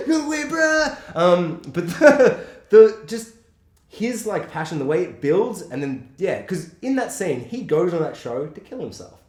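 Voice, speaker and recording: A man discussing a film in casual chat, swearing freely and acting out quotes in a high voice. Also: very animated, a little slow, darkish tone. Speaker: podcast co-host. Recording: echoey room.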